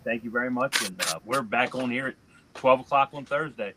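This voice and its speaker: A man's voice: medium pitch, brisk, background noise. A man co-hosting a live reselling chat, rambling with many fillers. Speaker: co-host. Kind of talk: casual live-stream chat.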